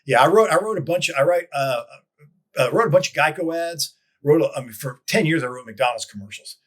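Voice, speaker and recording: A man telling stories as a guest in a casual interview, rambling with frequent restarts and lively quoted voices. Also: fairly high pitch, brisk. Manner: rambling with many restarts, animated quoting. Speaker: guest, advertising copywriter. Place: lives in Dallas.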